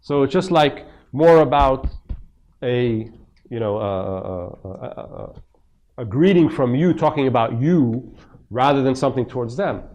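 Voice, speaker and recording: In a mosque, a religious teacher with a mid-range, mellow, animated voice gives lecture commentary to a seminar audience at a slightly slow pace. He speaks conversationally, poses frequent rhetorical questions, and acts out quoted speech.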